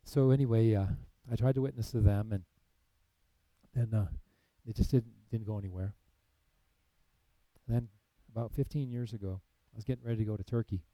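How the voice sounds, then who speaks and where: A man's voice: lowish voice, fairly even intonation, moderate pace, dark tone, no echo, rough recording. A man in missionary work telling his personal faith testimony in an earnest storytelling way, acting out past conversations between frequent fillers. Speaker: missionary ministry leader.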